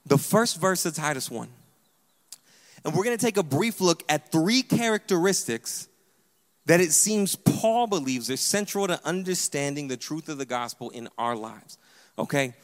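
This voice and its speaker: Male pastor, animated emphatic sermon delivery, slightly higher voice, long hall reverb. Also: moderate pace. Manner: animated, emphatic preaching with repeated "hear me". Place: church sanctuary.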